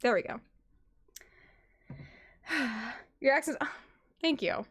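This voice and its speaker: Giggly high-voiced young woman streamer. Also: takes it slowly, a bit bright, breathy edge. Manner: giggly, chatty, self-deprecating. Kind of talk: casual gaming livestream chat.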